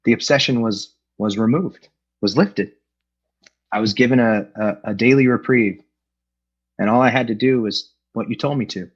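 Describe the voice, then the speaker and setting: A man's voice: mid-range voice, moderate pace, husky. A middle-aged man sharing his recovery story at an online meeting, candid and self-deprecating, with frequent fillers. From Los Angeles. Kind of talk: personal recovery talk. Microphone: video call. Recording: dull lo-fi online call audio.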